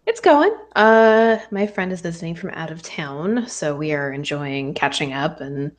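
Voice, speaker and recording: A woman co-hosts a casual podcast with a fairly low voice. She speaks in an easygoing way, pausing and restarting her sentences. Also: animated. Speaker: podcast co-host.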